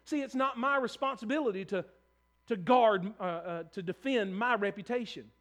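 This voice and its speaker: Male pastor, high voice, earnest conversational preaching with restarts. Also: normal speed, fairly bright tone. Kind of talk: sermon.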